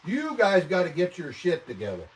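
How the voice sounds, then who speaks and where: With a high voice that makes huge pitch swings, a Midwestern American man talks at a moderate pace while hosting a laid-back home livestream indoors. He reacts to viewer comments with swearing, pretend-outraged outbursts, and his voice sits a little distant from the mic.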